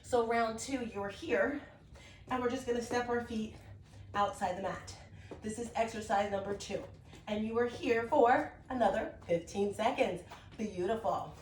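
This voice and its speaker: Woman fitness instructor, upbeat, encouraging, fairly high voice, echoey room, distant camera mic. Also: unhurried, a little mellow, slight background noise. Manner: upbeat, encouraging, talks while demonstrating. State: slightly out of breath. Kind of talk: workout instruction. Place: room at home on an exercise mat.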